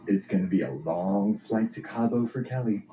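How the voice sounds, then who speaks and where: A man telling a wry anecdote in an animated storytelling style, in a dull, roomy clip. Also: fairly low pitch, moderate pace, slight background noise.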